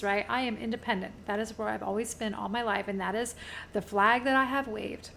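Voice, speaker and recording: A woman in her forties with a fairly high voice tells a story on a casual podcast. She talks in an animated way and acts out the lines of everyone in the story. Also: a little fast, vocal fry, a little hiss or hum. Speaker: podcast co-host.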